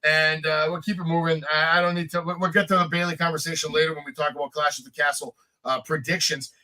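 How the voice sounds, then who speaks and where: Guy hosting a wrestling podcast, high bright voice, runs through results with energy. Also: fast, low-quality recording. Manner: energetic, recapping news. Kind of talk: casual podcast chat.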